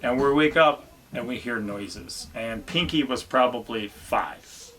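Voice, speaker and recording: A man's voice: medium pitch, a little slow, fairly bright tone. A man, a family vlogger chatting casually and encouragingly about his children. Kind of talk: casual chat.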